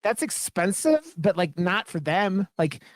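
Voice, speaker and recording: A man's voice: high voice, big pitch swings, a little slow, no echo, clean studio sound. A man co-hosting a horror podcast, chatting casually in a rambling, profane, enthusiastic way. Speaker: podcast co-host.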